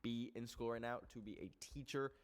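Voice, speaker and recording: A young man hosting a casual podcast, rambling with lots of filler words and swearing, jumping from loud outbursts to soft muttered asides. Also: mid-range voice, steady tone, fairly quick, clean tone. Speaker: podcast host.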